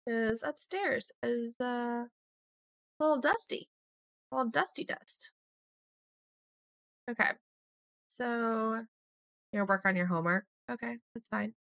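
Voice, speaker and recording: A woman's voice: on the high side, gravelly, a bit bright, no room sound. Chatty woman narrating her game. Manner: chatty, voices her characters' lines in quick asides. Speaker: gaming channel host. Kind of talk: casual let's play commentary.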